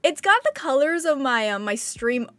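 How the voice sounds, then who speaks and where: A woman's voice: high-pitched, very animated, normal speed, a bit bright, no echo. A woman streamer chatting casually and giggling while reacting to fan art. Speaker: streamer and host.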